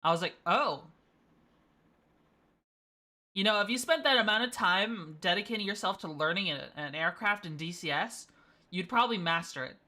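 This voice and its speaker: Woman streamer, bright voice, chatty and playful, laughs often. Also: mid-range voice, fairly quick. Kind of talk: casual gaming stream chat.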